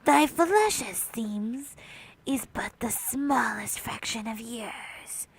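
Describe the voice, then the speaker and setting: A woman voicing a creepy, haughty old crone who speaks in archaic formal words with a raspy, whispery croak, reading game dialogue aloud. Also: a little high, animated, slight background noise, rough recording. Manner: archaic formal speech, slow and drawn out.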